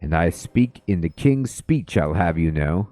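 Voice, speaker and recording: A man voicing a fussy, posh bearded dwarf gentleman who talks in plummy upper-class slang, in a video game. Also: low voice, expressive, measured pace, soft background music.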